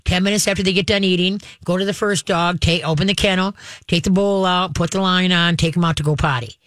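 A woman hosting a call-in radio show, giving step-by-step dog-training advice in a brisk, instructive way and checking in with "okay?" often. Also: fairly low pitch, fairly even intonation, fairly bright tone, dry recording.

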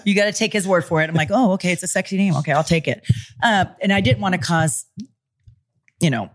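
This fast-talking woman has a voice on the low side; she's in her forties, from California, and once wrestled professionally. As a guest in a casual Los Angeles studio interview, she tells stories animatedly and acts out quoted voices.

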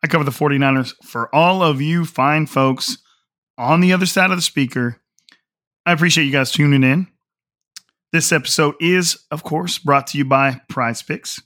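A man hosting a sports podcast with a hoarse, strained voice, talking casually and rambling with frequent restarts. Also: fairly high pitch, normal speed, fairly bright tone, no echo, studio quality. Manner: rambling, many restarts and fillers. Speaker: podcast host. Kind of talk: casual solo podcast talk.

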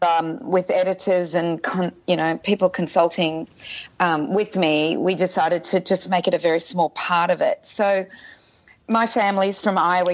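A woman with an Australian accent, chatting warmly as a podcast guest and telling her family story. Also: on the low side. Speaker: guest, documentary producer. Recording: dull lo-fi remote audio.

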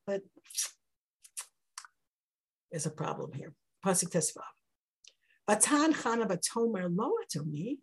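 Husky-voiced woman teacher, lively, acts out the quoted lines in a text lesson. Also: low-quality recording. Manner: animated, acts out the dialogue with big jumps in pitch. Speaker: Torah teacher.

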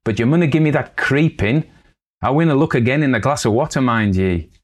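A man lifts his voice into a giddy young farm girl from the northern moors, speaking thick Northern English dialect. She rushes through her tale, eager and starry-eyed, in a voice pitched well above his usual low tone. A storybook reading with bright excitement. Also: close to an everyday voice. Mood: pleading. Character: Laura, eager foolish young country girl.

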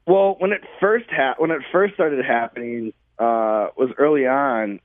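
A man's voice: mid-range voice, unhurried, very noisy. A man telling stories in a casual interview chat, rambling with lots of likes and you-knows. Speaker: podcast guest, show host. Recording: dry, phone-like audio.

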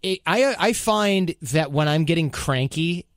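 Lively male podcast host giving advice. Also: fairly high pitch, unhurried, no echo, studio quality. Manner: animated, advice-giving, mock-quoting himself. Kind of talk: casual podcast chat.

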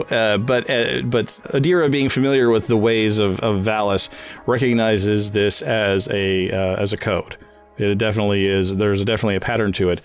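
A man narrating as game master of a tabletop role-playing game, talking haltingly with many fillers and restarts. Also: fairly low pitch.

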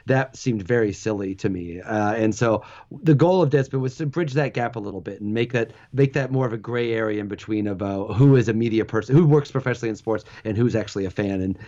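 A middle-aged man speaks as an interview guest in a loose, animated way, laughing often and restarting his sentences. His voice sits mid-range. The recording sounds slightly dull and lo-fi. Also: medium pitch. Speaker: guest, former sports website founder. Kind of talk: casual interview talk. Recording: dull lo-fi audio.

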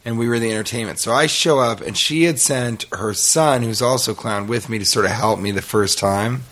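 A man in casual chat, spinning out a meandering story with plenty of restarts and asides. His voice sits at an ordinary middle pitch, and he tells it loosely and animatedly. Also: fairly quick. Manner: rambling, animated storytelling with laughs.

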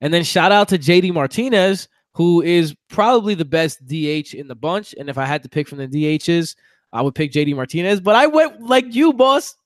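High-voiced man ranting about sports. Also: fairly quick, no room sound, clean studio sound. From New York. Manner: fiery, ranting, swearing fan. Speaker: podcast co-host. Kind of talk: casual sports chat.

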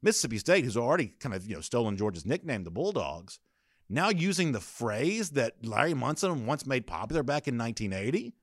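A man's voice: mid-range voice, very animated, fairly quick, no echo, studio quality. Opinionated man talking college sports. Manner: opinionated, conversational, with frequent fillers. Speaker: sports podcast host. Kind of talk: casual sports commentary.

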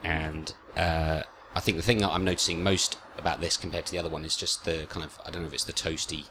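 A man, a returning guest, jovially giving his views on a beer and trailing off softly. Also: rumbling low, little pitch movement, quick pace, a little hiss or hum. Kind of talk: casual beer tasting.

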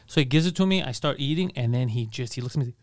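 A man telling a story in casual chat, animated and profane, acting out what people said. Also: medium pitch, fast, no room sound, studio quality. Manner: animated, profane, acts out quotes.

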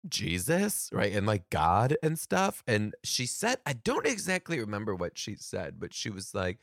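A young man who works as a teacher tells stories in a casual, animated monologue, ranting and exclaiming and often laughing as he talks. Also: on the low side, dry recording, studio quality. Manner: laughs often while talking.

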